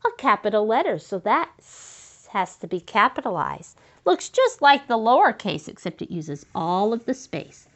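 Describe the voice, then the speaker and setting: A woman's voice: mid-range voice, very animated, moderate pace, hardly any pauses, fairly bright tone. A woman teaching young children to write sentences, patiently sounding out letters and words and often praising them. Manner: encouraging praise. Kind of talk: slow step-by-step writing lesson for young children.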